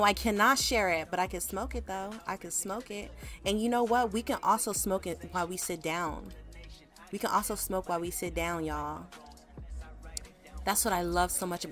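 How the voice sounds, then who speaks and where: A woman chatting through her game in a casual, slangy way, now and then breaking into shrieks of mock alarm. Her voice sits at a middle pitch, with faint music playing underneath. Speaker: gaming YouTuber. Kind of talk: casual gameplay commentary.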